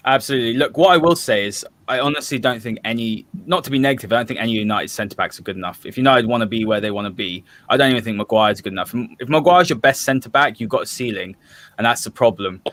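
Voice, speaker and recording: A man's voice: medium pitch, fast, fairly bright tone, no echo. A man with a Southern English accent hosting a fan podcast and steering an opinionated discussion. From Southern England. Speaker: host.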